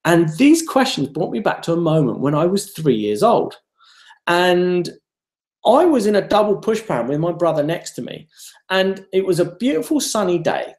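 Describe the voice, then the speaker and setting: A man's voice: high-pitched, moderate pace, reverberant. A man giving a live online self-development talk, telling personal stories and asking rhetorical questions. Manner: animated, storytelling with rhetorical questions.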